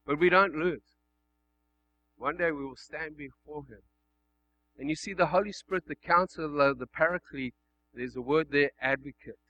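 A male pastor delivering a sermon, swinging between loud emphatic passages and hushed, quiet ones. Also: on the high side, normal speed, long pauses, muffled recording.

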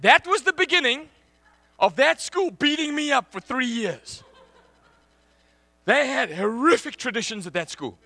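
A man preaching a sermon, telling a personal story in an animated way and laughing often. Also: extremely high pitch, measured pace, long pauses, no echo.

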